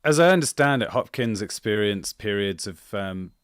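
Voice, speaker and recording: A man interviews a guest with short, plain questions. His voice is fairly low, and the sound is dry, with little room echo. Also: lively intonation, moderate pace, a bit bright, clean tone. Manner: brief questions and short acknowledgements. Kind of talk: casual interview.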